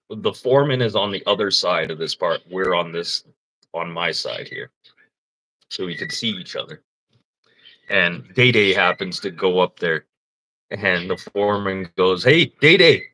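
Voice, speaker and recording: A man hosting a casual livestream chat, telling crude, animated stories and laughing often. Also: low voice. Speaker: livestream host.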